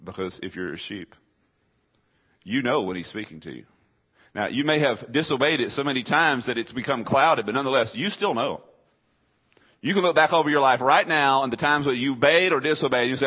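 A man's voice: mid-range voice, expressive, normal speed, husky, dull audio. Man preaching a conversational sermon. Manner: conversational preaching, rhetorical questions, voices listeners' objections. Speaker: pastor.

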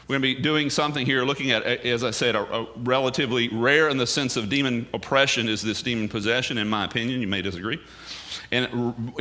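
A man's voice: medium pitch, sharp tone. A male pastor giving a sermon in an emphatic, conversational way, full of rhetorical questions.

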